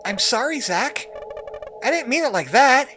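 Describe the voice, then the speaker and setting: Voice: sits high, big pitch swings, a little slow, music in the background, pitched above the performer's own voice. A let's player voicing an earnest, kind young boy in a video game, speaking eagerly and apologetically in a raised voice. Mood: pleading.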